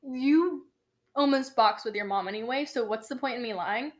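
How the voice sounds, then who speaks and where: A woman's voice: fairly high pitch, moderate pace. A young woman co-hosting a podcast, telling stories in casual, profane chat and acting out quoted lines. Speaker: podcast co-host.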